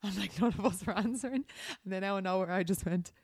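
A woman's voice: medium pitch, fast, darkish tone, no room sound. A woman in her thirties with an Irish accent, co-hosting a podcast and telling stories animatedly, acting out voices and laughing often. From Ireland. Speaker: podcast co-host. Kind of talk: casual chat.

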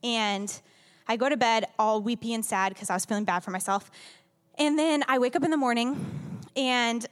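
Young woman, higher voice, candid church testimony, long hall reverb. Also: moderate pace, smooth. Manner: candid, conversational, emotional storytelling with many "like"s. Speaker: church member giving testimony. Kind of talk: personal testimony to a congregation.

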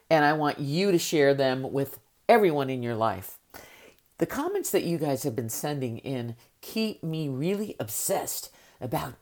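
A woman hosting a motivational podcast, speaking to listeners in an upbeat, emphatic way, her voice just recovering from being raspy. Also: low-pitched. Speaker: podcast host and high-performance coach.

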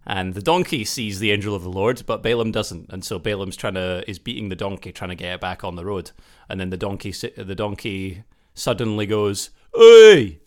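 Male podcast co-host, low voice, easygoing and self-mocking. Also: fairly even intonation, fairly quick, few pauses. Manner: chatty, laughs often, self-deprecating. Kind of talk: casual podcast chat.

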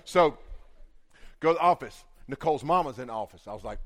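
A young man preaching, telling a comic, animated story with big swings in volume. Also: mid-range voice, fast talker, creaky, long pauses. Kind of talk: storytelling sermon.

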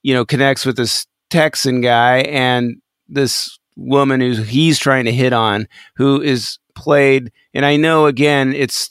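A man co-hosting a podcast, chatting casually and retelling scenes with animated energy and frequent laughter. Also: mid-range voice, smooth, no room sound, clean studio sound. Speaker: podcast co-host. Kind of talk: casual chat.

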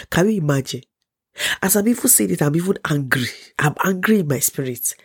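A woman's voice: low voice, lively intonation, fairly quick, darkish tone, breathy edge, dry recording, studio quality. A young Nigerian woman with a cold, telling a dramatic personal story and acting out the people in it with raised voices and laughter. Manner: dramatic, acts out quotes in a raised voice, laughs often. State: congested with a cold. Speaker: vlogger. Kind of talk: animated storytelling.

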